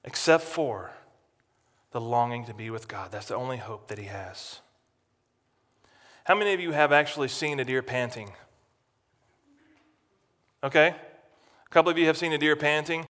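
A man preaching from the pulpit with a bright, forceful voice pitched a little high. He swings from loud, urgent lines to near-hushed ones. The sound carries a long reverb, as in a church sanctuary. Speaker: pastor. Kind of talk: sermon.

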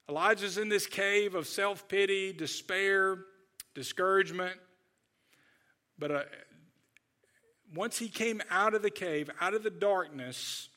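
A man's voice: a little high, bright, forceful tone. A male pastor preaching a sermon in an earnest, conversational way, often checking in with "right?" and "okay?".

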